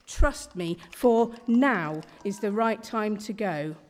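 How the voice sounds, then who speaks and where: A woman voicing Jesus as a calm man who speaks in a slow, steady, reassuring way. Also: mid-range voice. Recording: long hall reverb.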